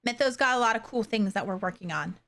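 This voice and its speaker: A young adult woman chatting casually with her livestream viewers, halting and soft-spoken, with many fillers and pauses. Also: on the high side, animated. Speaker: streamer.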